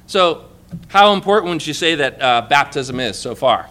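Bright-voiced man preaching a sermon. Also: on the high side, animated, moderate pace. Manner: conversational, asks the congregation questions.

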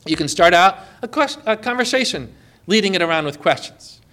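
A man's voice: sits high, lively intonation, fairly quick, sharp tone. A man giving an informal Christian teaching talk outdoors on a boat, conversational and full of rhetorical questions and stories.

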